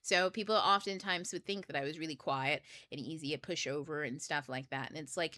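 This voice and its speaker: Middle-aged woman, casual blunt host who curses and laughs a lot; bright, edgy tone, dry recording. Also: deep voice, brisk, no echo. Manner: blunt, profane, laughs often. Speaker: book club host. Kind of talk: casual livestream talk.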